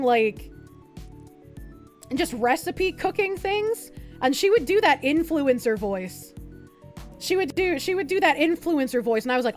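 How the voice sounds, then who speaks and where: A woman streamer with a high voice reacts to an article in casual, sarcastic chatter. She swears freely and darts off into quick asides. Faint music runs behind her.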